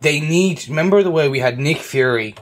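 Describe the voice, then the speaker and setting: A man co-hosting a podcast, talking in an animated way and often saying "like". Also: on the high side, fairly quick. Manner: animated, peppers speech with "like". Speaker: podcast co-host. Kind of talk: casual chat.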